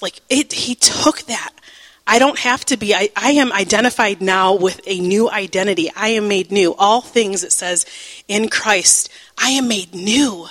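A woman tells her faith story as a teaching, her voice emotional and halting. She fills pauses and restarts her sentences often. She breaks into laughter now and then, in an ordinary middle pitch. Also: fairly bright tone, big-room sound, poor audio. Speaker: Bible teacher. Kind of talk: personal testimony teaching.

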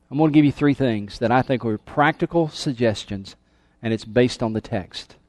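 A man's voice: medium pitch, darkish tone, dry recording. A male pastor preaching a sermon with emphasis, calling out questions to his congregation. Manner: emphatic, calls for congregation response. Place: church sanctuary.

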